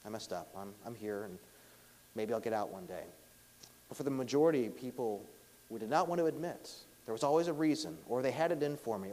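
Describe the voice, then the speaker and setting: Male pastor preaching, loud punches then going quiet, long echo off a big hall. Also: medium pitch. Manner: emphatic, swings between loud stresses and hushed lines. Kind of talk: sermon.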